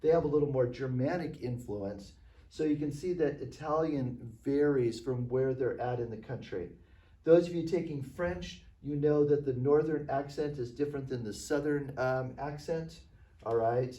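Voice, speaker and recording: A man's voice: mid-range voice, moderate pace, warm tone, far from the mic. Man lecturing from across an echoey classroom. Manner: conversational, checks in with students. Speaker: teacher.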